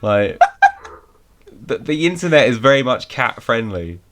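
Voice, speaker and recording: A man's voice: mid-range voice, lively intonation, unhurried, a bit bright, soft background music. A British man hosting a casual podcast, teasing his guest and joking a lot. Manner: teasing, joking, laughs often. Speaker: podcast host.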